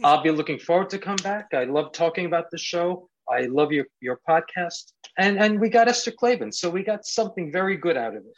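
Man, podcast guest, casual chat, earnest, slightly high voice. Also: animated, a little fast, few pauses, highs cut off. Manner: earnest, admiring, retells scenes.

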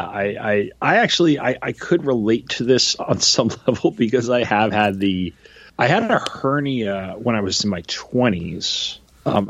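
Forties male co-host, deeper voice, rambling self-mocking chat. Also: no room sound, highs cut off. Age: 40s. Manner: halting, lots of restarts and laughs, self-deprecating. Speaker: podcast co-host. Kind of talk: casual chat.

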